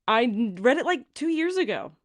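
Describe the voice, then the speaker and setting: A woman's voice: a little high, sing-song, normal speed. A woman in her thirties hosting a book club video chat, friendly and chatty. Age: 30s.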